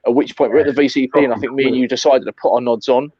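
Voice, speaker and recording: A man recounting an airsoft game in casual chat, animated, swearing often and calling his friend mate. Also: medium pitch, rapid-fire, husky, dry recording, muffled recording.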